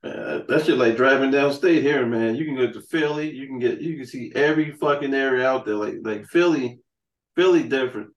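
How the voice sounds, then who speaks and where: A man in casual podcast chat, swearing freely and rambling through stories full of "you know" and "man". His voice sits a little back from the mic in a roomy space, with middling pitch. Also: a little fast, far from the mic, muffled recording. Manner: loose, profane storytelling with frequent "man" and "you know". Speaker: podcast host.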